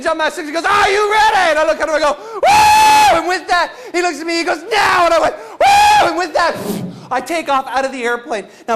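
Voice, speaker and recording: Man, motivational speaker on stage, high voice, lively storyteller who stammers and shouts. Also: noisy background. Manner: animated, shouting bursts, stammering restarts. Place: stage before a live audience.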